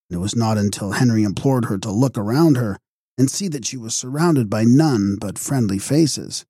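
A man reading a gothic horror novel aloud, measured and dramatic. His voice is dark and husky, captured close with a dry sound. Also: on the low side, dry recording. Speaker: audiobook narrator. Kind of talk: scripted narration.

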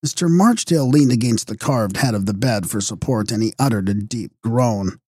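A man reading a gothic horror novel aloud, measured and dramatic. His voice is dark and husky, captured close with a dry sound. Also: lowish voice, dry recording. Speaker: audiobook narrator. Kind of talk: scripted narration.

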